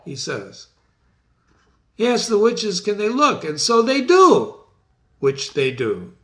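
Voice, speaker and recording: A man's voice: high-pitched, huge pitch swings, takes it slowly. A man teaching a play, who keeps turning to the listener with questions and rephrases quotes in plain words. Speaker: literature teacher. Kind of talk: lecture on a play.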